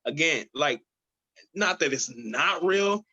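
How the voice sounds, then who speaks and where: A man co-hosting a podcast in casual chat, speaking deliberately and repeating his points for emphasis. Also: on the high side, lively intonation, bright, forceful tone, slightly rough, lo-fi sound. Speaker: podcast co-host. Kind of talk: casual chat about movies.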